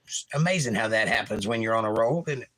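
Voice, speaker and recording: A man's voice: fairly low pitch, animated, quick pace, a bit bright. A man hosting a livestream in a casual way, reading viewers' chat messages aloud and adding wry asides. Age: young adult.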